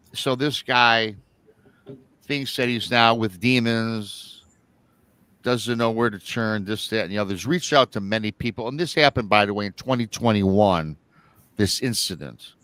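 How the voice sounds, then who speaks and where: A man's voice: medium pitch, bright, forceful tone, clean tone, no echo. Rambling man telling a story, dry mic. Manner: rambling, repeats himself, acts out quoted lines. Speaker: show host retelling a listener's story. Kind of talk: casual storytelling on a live show.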